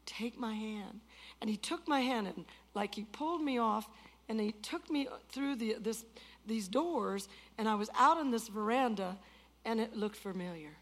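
A woman in her sixties preaching a testimony, swinging from loud outbursts to hushed tones. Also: fairly high pitch, lively intonation, normal speed. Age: 60s. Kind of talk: sermon testimony.

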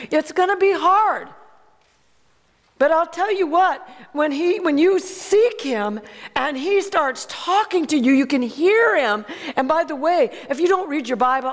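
A woman's voice: sits high, big-room sound. A woman preaching a sermon, emphatic and calling out to the congregation for amens.

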